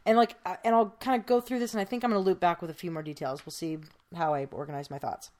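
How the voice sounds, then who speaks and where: A woman's voice: lowish voice, steady tone, fast, a little mellow. A woman podcast host telling a true crime case in casual, chatty storytelling, with many fillers.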